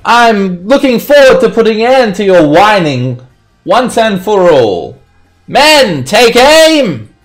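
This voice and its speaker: A man voicing a gloating enemy ship captain who bellows drawn-out taunts across the water. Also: high voice, sing-song, faint music behind, voice pushed up, heavily acted. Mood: taunting.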